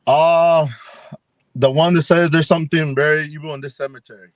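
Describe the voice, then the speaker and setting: A man's voice: a little high, steady tone, normal speed, no room sound. A man, a paranormal investigator, telling a ghost story in a rambling way on a video call, acting out what people said with lots of fillers. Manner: rambling, acts out quoted dialogue with many fillers. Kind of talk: casual storytelling on a live chat.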